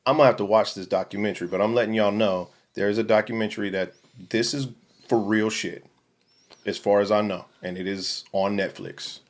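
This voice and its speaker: Profane, animated male podcast host. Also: on the low side, a little fast. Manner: animated storytelling, profane, slangy. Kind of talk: casual chat.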